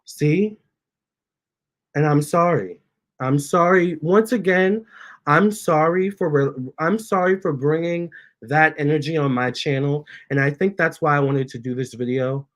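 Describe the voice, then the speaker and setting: A man hosting a casual storytime, reading out viewer comments, chatty and animated, often stopping to talk to his cats. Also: a little high, a little slow. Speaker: tarot reader and channel host.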